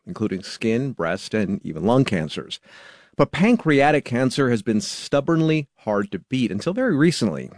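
Male news anchor with a lively read. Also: mid-range voice, dry recording, studio quality. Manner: smooth, polished anchor reading. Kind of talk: scripted news intro.

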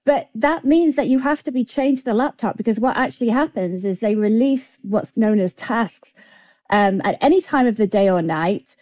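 A woman's voice: on the high side, animated, moderate pace, darkish tone, no room sound, lo-fi sound. A woman screenwriter answering interview questions in a chatty way, using plenty of fillers. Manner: chatty, with many "like" and "kind of" fillers. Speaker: guest screenwriter.

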